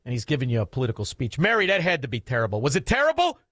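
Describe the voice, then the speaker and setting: Man, talk radio host, brash and mocking, lively swinging delivery, dry studio sound. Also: mid-range voice, rapid-fire, dry recording. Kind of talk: talk radio banter with callers.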